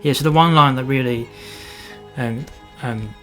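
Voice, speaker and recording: Halting, easygoing male photographer. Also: mid-range voice, soft background music. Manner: halting, with many restarts and soft asides. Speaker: landscape photographer. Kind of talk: casual vlog narration.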